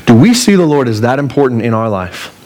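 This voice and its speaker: A man from Colorado preaching a sermon, telling a personal story and acting out his own panic in a strained, high voice. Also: big pitch swings, brisk, darkish tone, rough recording. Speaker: pastor.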